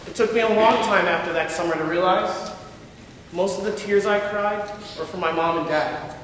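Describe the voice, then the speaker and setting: A young man gives a reflective, first-person dramatic reading of a story. His voice is bright and fairly high. He sounds distant, in a big hall with long reverb and faint room noise. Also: moderate pace. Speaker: performer. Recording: echoey hall from far off.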